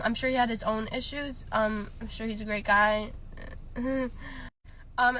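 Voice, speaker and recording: A young woman telling a casual storytime, animated and swearing, acting out what people said. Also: on the high side, a little hiss or hum. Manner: animated, mimics people, swears, many fillers.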